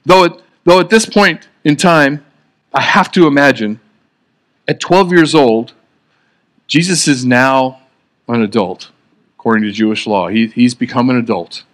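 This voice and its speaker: A man's voice: mid-range voice, measured pace, pauses often, a bit bright. A man giving a sermon in an earnest, conversational way, often restarting his sentences. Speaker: preacher.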